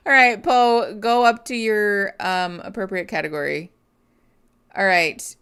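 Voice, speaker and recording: A woman's voice: medium pitch, sing-song, moderate pace, a bit bright. A woman streamer chatting casually and gushing over pet photos, giggling and cooing. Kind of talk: casual reaction chat.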